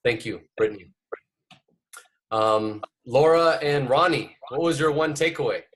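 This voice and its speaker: A man's voice: medium pitch, measured pace, a bit bright. A man hosting a coaching call, encouraging the participants and telling personal stories. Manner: encouraging, storytelling. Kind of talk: casual coaching talk.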